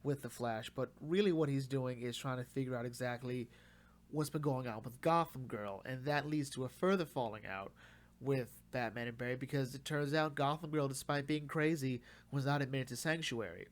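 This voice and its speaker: A man's voice: medium pitch, moderate pace. A man casually reviewing and recapping a comic run, chatting loosely and acting out the characters' lines.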